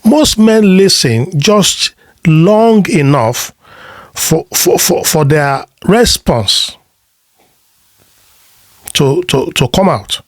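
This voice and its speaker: A man coaching listeners on relationships, speaking slowly in short, emphatic phrases. His voice sits a little high and swings widely in pitch. Rhetorical questions and repeated words when he restarts a thought mark his delivery, and the sound is dry and close. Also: expressive, no room sound. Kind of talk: motivational advice talk.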